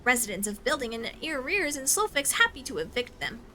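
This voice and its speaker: A woman's voice: high-pitched, very animated, a little fast, sharp tone, full character voice. A woman voicing a small, cheerful goblin leader in a game who talks in clipped, broken grammar. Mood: chirpy.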